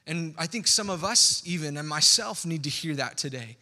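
A man preaching a sermon as pastor, in a conversational, animated way with asides to the congregation. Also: a little high, normal speed, few pauses, long reverb tail.

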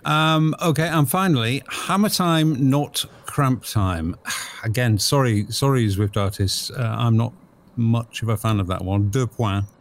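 A man hosting a podcast in casual chat, lively and jokey as he leads a scoring game. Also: mid-range voice, a little slow. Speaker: podcast host.

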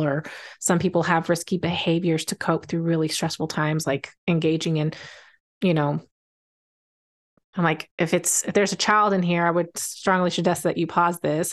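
A woman interviewing a guest, asking gentle, searching questions in a casual way with fillers. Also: lowish voice.

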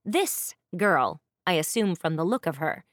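A woman's voice: sits low, sing-song, measured pace, no room sound, studio quality. A woman voicing a furious royal older sister who scolds her brother in an audiobook. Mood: indignant. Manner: indignant, scolding.

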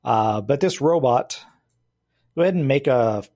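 A man's voice: medium pitch, animated, measured pace, dark tone. Guy running a tabletop game, lots of uhs while explaining rules, average voice. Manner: explains rules with frequent hesitations. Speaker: game master.

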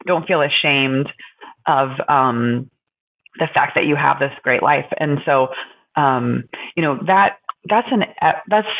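A woman co-hosting a podcast, speaking in a halting, thoughtful way with many pauses and fillers as she reflects. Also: low voice, creaky. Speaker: podcast co-host. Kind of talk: casual reflective conversation. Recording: tinny phone-like line.

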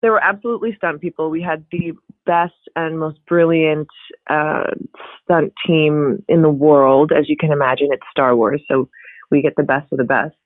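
Woman, interview guest, expressive, laughs often, phone-like tinny audio, dry sound. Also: low voice, moderate pace, dry recording. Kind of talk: casual interview chat.

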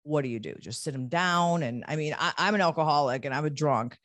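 A man's voice: a little high, fairly quick, a bit bright, no room sound. A man hosting a podcast, talking bluntly and candidly about his recovery, with frequent restarts and swearing. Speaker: podcast host.

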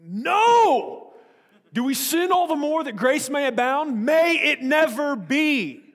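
A man voicing a furious older apostle who shouts stern, commanding rebukes. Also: extremely high pitch, big pitch swings, slow, pitched above the performer's own voice, heavily acted. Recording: long echo of a large hall.

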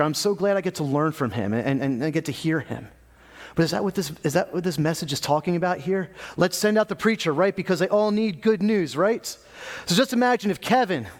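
A man preaching a sermon in a casual, energetic way, acting out little scenes as he goes. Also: sits high.

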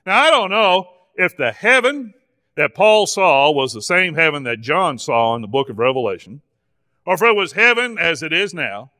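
A man's voice: a little high, big pitch swings, normal speed, bright, forceful tone. A man teaching a Bible class at church in a folksy, teasing way, recorded in the church hall. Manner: folksy, playful sarcasm with the class.

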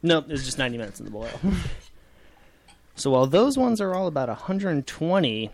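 A man's voice: on the high side, very animated, brisk, slight background noise. A man hosting a casual chat, enthusiastically explaining the beers he brought. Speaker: podcast host, beer enthusiast. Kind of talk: casual chat, beer tasting.

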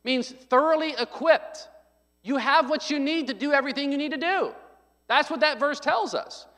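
A male pastor preaching a sermon, emphatic and conversational, with frequent restarts and loud stressed points. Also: very high-pitched, normal speed, long reverb tail.

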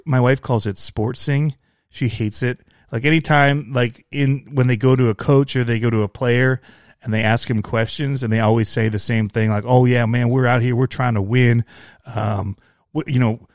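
A man's voice: mid-range voice, dry recording, studio quality. A man with a slight Southern US accent chatting casually about his hobby videos, rambling and self-deprecating, often laughing. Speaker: YouTube hobby creator. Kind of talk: casual chat.

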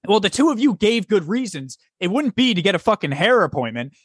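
A young man tells a story on a casual podcast, swearing freely and acting out both sides of the conversation. His voice sits a little high and swings widely as he gets worked up. The sound is dry and close. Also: fairly quick, breathy edge, no room sound. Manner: animated, profane, exasperated storytelling with acted-out dialogue. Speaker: podcast co-host.

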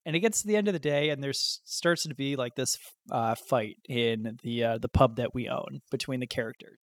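A young man chatting casually about his tabletop game character and telling animated, casually profane stories. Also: mid-range voice, moderate pace, dry recording. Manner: animated storyteller, swears casually. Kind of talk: casual podcast chat.

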